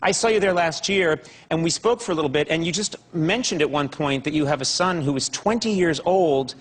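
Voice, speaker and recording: A man hosting a talk show, interviewing a guest with playful jokes and quick asides. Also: on the high side, slightly rough. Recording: studio audience and room noise.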